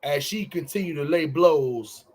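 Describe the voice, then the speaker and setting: A man's voice: on the high side, darkish tone, breathy edge. A man hosting a podcast in casual chat, joking and stretching words out for emphasis. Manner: loose, joking, drawn-out emphatic delivery. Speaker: podcast host.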